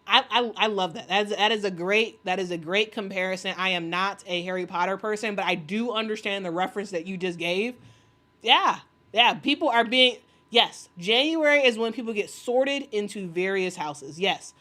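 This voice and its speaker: A woman's voice: mid-range voice, normal speed, a bit bright. A woman hosting a casual sports livestream, reading chat aloud, rambling with many fillers and restarts, and often laughing with enthusiasm. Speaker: sports commentary host reading live chat.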